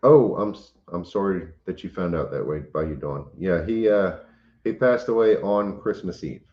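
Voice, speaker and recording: A very deep-voiced man chats casually on a home livestream, pausing and restarting as he greets viewers. The sound is roomy and slightly dull. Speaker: homestead channel host.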